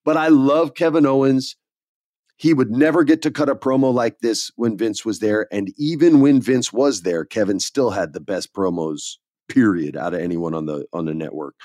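A middle-aged man co-hosting a podcast, telling stories with excitement and casual slang. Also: lowish voice, no echo, studio quality. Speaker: podcast co-host. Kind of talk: casual wrestling chat.

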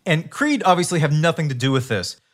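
Man, podcast co-host, casual storytelling, animated pitch, slightly higher voice, chipper reading. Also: a little fast. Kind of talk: casual chat, reading quotes aloud.

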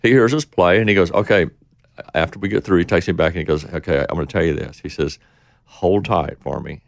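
This middle-aged man, an interview guest, has a low, gravelly voice and talks fairly quickly. Wandering through a story in casual conversation, he mimics the people he quotes, and the studio audio is clean with no echo.

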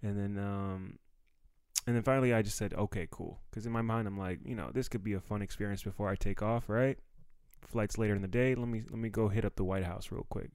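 Smooth low-voiced comedian telling stories. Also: male voice, fairly even intonation, a little fast, darkish tone, no room sound. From Washington, D.C. area. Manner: laid-back, profane, acts out quoted dialogue. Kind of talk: casual storytelling monologue.

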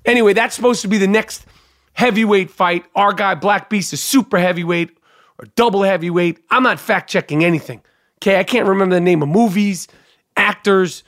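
A man hosting a solo comedic podcast, ranting in a profane, animated, mock-outraged way. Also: sits high, brisk, no echo, studio quality. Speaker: podcast host.

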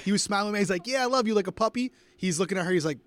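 A man co-hosting a casual live stream, making fast, emphatic calls. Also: high voice, no room sound. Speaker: co-host.

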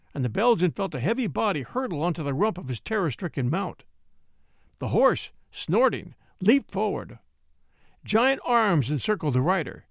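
Man narrating an adventure audiobook, animated. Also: high voice, creaky, dry recording, clean studio sound.

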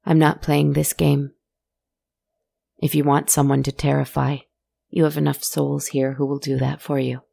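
A woman voicing a calm, defiant young hero in a plain, level, quietly dismissive tone within a spooky storybook tale. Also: low voice, moderate pace, vocal fry, no room sound, exaggerated voice.

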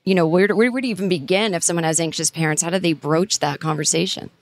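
A woman's voice: lowish voice, fast. A woman hosting a podcast, chatting informally and thinking aloud with plenty of fillers. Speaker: podcast host. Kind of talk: casual conversational interviewing.

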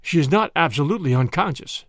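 A man voicing a cool, clinical surgeon in a read-aloud story, speaking in a measured, detached way. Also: a little high, expressive, a bit bright, no room sound, studio quality. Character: cool, clinical middle-aged male surgeon.

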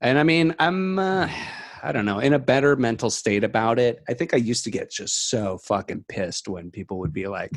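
A man's voice: medium pitch, moderate pace, no echo. A man co-hosting a podcast, joking crudely and running himself down in casual chat. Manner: joking, crude, self-deprecating. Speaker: podcast co-host.

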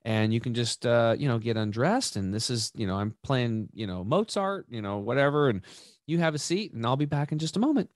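A man voicing a gentle, calm female massage therapist who greets a client sweetly. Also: mid-range voice, brisk, dry recording, studio quality, close to an everyday voice. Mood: welcoming.

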